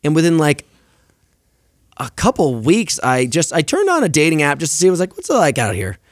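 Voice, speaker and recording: A young man tells stories on a podcast, his voice sitting a little high. He's animated, swears freely and acts out what everyone said. The sound is dry and close. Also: a little fast, no room sound. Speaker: podcast guest. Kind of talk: casual storytelling chat.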